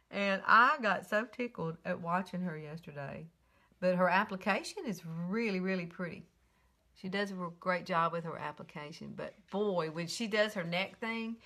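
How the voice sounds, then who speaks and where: Chatty Southern woman, older, bright voice. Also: mid-range voice. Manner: chatty, giggly, rambling. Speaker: makeup tutorial host. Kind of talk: casual live-stream chat. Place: bedroom at home.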